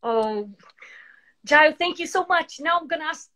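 A woman, a non-native English speaker whose first language is Portuguese, hosting an interview with encouraging, slightly halting phrasing. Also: sits high, animated, pushed and bright. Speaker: podcast host. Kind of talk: interview conversation.

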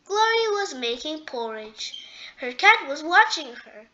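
A woman reading a children's bedtime story slowly, her high voice rising and falling in a sing-song way. Her tone is bright, and the recording sounds dull and lo-fi. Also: big pitch swings. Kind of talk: bedtime read-aloud.

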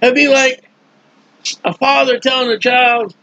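A man preaching a casual, animated sermon, acting out the voices in his stories in colloquial speech. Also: extremely high pitch, unhurried, highs cut off. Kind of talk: sermon with acted-out scenes.

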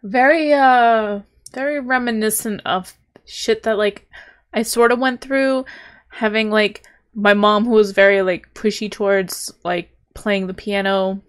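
A woman's voice: medium pitch, fairly even intonation, a little slow, clear, resonant tone. A young woman streaming a game, talking casually and emotionally, trying to compose herself while swearing and laughing through tears. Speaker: streamer playing a narrative game. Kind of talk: casual let's-play commentary.

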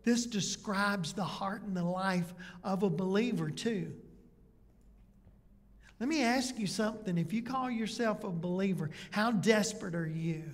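High-voiced preacher in an echoing church. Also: male voice, unhurried. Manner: conversational preaching, rhetorical questions. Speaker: pastor. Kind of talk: sermon. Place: church sanctuary. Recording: church hall reverb.

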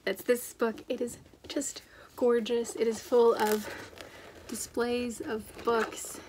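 A woman's voice: fairly high pitch, little pitch movement, slow, a little mellow, slight background noise. A young adult woman chatting casually in a home vlog, gushing and often trailing off and restarting her sentences. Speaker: book vlogger.

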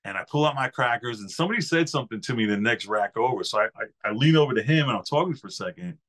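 A man's voice: mid-range voice, expressive, very fast, fairly bright tone. A man in his fifties from New York, a podcast guest telling easygoing, rambling stories about his years as a Marine. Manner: rambling anecdotal storyteller, easygoing. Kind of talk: casual interview storytelling.

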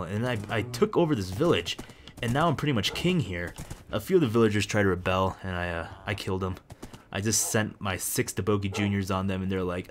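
Excitable young man narrating his gameplay. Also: lowish voice, fairly quick, a little hiss or hum. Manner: excitable, rambling, jokey. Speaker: gaming video host. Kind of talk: casual let's-play commentary.

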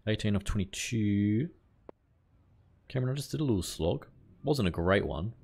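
A man talks to his audience over a live game stream, his voice sitting a little low. He drifts between chat and play-by-play in a loose, offhand way, with the odd bit of mild swearing. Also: moderate pace, creaky, breathy edge. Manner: relaxed, chatty, greets viewers while playing, mild swearing. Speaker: livestreamer. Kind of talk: casual live game commentary.

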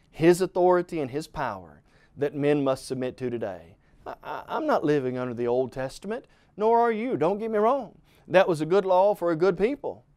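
A man's voice: on the high side, darkish tone, no room sound. Emphatic middle-aged man preaching a Bible lesson. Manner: earnest, emphatic preaching that rises and falls in volume; addresses the listener as "friend".

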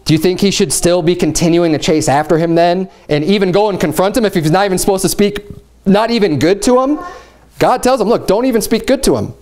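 A man's voice: sits high, brisk. A young American man preaching a conversational Bible sermon, acting out the people he quotes. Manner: animated, acts out quoted voices, conversational.

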